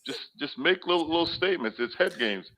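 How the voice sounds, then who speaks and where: A man talking as a guest in a casual basketball chat, giving measured, deliberate advice. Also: a little high, lively intonation, bright, forceful tone. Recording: dull lo-fi audio.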